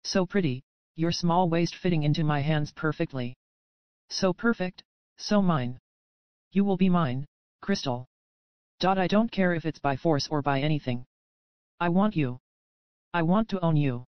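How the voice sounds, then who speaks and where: A woman's voice: low-pitched, a little slow, long pauses, no echo, lo-fi sound. Woman voicing a possessive, controlling man. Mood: gloating. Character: possessive, controlling man obsessed with his captive.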